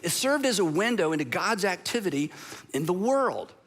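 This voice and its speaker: Preaching a sermon in a church auditorium, a pastor from Georgia in the United States tells stories conversationally with humorous asides. His voice sits high, sing-song and a bit bright, at a moderate pace.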